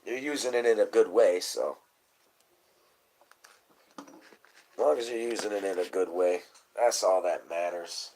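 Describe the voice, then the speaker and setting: Rambling, profane man, low voice. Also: measured pace, long pauses, a little hiss or hum, low-quality recording. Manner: rambling, profane, conspiratorial, mumbles off into quiet asides. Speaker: livestream host. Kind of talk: rambling casual livestream talk.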